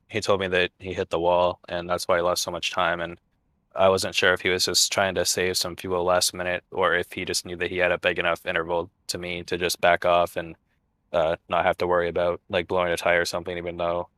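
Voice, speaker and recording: Man, racing driver, very flat delivery, dry close sound, post-race interview. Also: dry recording. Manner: low-key, halting with frequent fillers.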